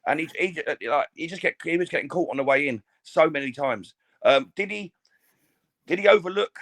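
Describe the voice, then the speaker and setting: A man's voice: on the high side, brisk, fairly bright tone. A man co-hosting a casual boxing podcast, chatty, often stammering and restarting his sentences. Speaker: podcast co-host.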